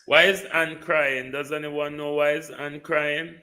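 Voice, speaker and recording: A man's voice: on the high side, flat delivery, a little slow, pushed and bright. A man with a Jamaican accent giving live political commentary, taunting and rhetorical, often asking "hmm?".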